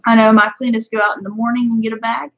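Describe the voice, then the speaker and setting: Rambly country-accent woman chatting on a livestream, fairly high voice, kinda muffled audio. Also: level tone, rapid-fire. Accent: Southern US country. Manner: rambling, chatty, lots of fillers. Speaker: fishing channel host. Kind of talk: casual livestream chat with viewers.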